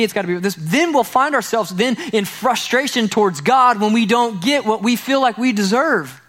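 Man, pastor, sermon, high voice, earnest, repeats phrases, stumbles on words. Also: fairly bright tone.

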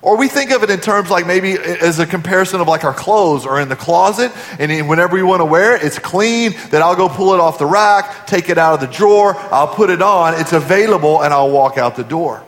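A man preaching a sermon, his voice sitting fairly high for a man. He poses question after question to the congregation and sinks to a hushed tone on key points. The sound rings out with long reverb, as in a church sanctuary. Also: brisk, few pauses. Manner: preaching with rhetorical questions, dropping to quiet emphasis. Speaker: pastor.

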